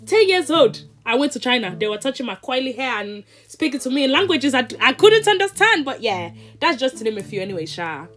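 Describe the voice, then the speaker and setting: Playful young woman, higher voice. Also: fairly bright tone. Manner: playful, jokey, laughs often. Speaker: beauty vlogger. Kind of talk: casual chat while doing makeup.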